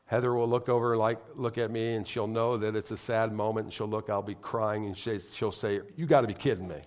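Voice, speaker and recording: A man's voice: on the low side, completely flat delivery, brisk. A middle-aged man preaching a sermon in church, conversational and heartfelt, building to emphatic, rising appeals. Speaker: pastor.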